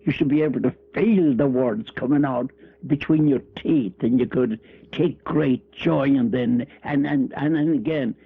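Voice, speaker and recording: A man's voice: medium pitch, measured pace, slightly rough. An older Irish man, a guest author, telling rambling, humorous stories with frequent restarts and chuckles. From Ireland. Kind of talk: storytelling interview chat. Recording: tinny phone-line radio audio.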